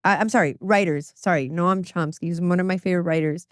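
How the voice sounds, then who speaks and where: Animated woman telling stories, swearing casually. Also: fairly low pitch, fast, dry recording, clean studio sound. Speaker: podcast guest, music publicist. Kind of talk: casual chat.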